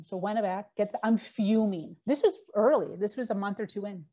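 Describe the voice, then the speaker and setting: A middle-aged woman speaks as a podcast guest, recounting her past frankly. She talks in a loose, unpolished way, full of fillers and quoted back-and-forth. Her voice sits at an ordinary middle pitch for a woman. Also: moderate pace, mellow. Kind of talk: candid personal storytelling.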